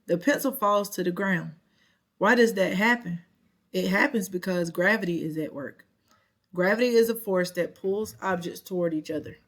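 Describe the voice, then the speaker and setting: A person slowly reading a short science passage and quiz questions aloud, stopping now and then to correct themselves. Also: medium pitch, fairly bright tone. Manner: slow, careful reading with self-corrections. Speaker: reading lesson reader.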